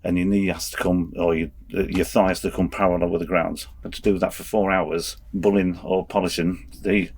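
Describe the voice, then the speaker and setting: A middle-aged man telling stories as a podcast guest, speaking haltingly with many restarts and chuckles. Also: low voice, flat delivery, darkish tone, slight background noise. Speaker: guest, race official and former soldier. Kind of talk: anecdotal storytelling.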